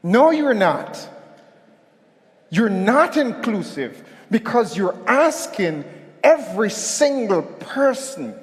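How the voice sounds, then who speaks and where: A man's voice: high-pitched, sing-song, slow. A man giving a motivational conference talk, telling a story and calling on the audience to respond, recorded in an echoey hall. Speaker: keynote speaker.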